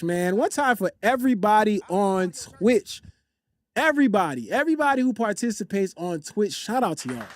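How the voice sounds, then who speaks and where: A high-voiced man hosts a loose livestream, commenting casually and reading the chat aloud in slangy banter, repeating phrases and giving frequent shout-outs. He's on a desktop USB condenser mic, with studio quality and no room sound.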